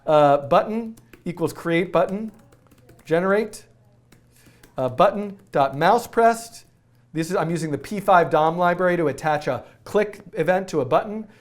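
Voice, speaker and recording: Guy live-coding on stream, talks thru every step, little jokes, kinda high voice. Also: animated, normal speed. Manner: chatty, self-narrating while typing code; jokey, laughs at himself. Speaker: coding instructor.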